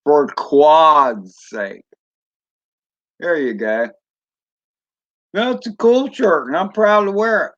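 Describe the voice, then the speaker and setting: Man, drone hobby streamer, slow rambling chat, dull lo-fi sound. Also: high voice, fairly bright tone. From Florida. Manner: rambling, chatty, reads chat aloud. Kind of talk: casual live-stream chat.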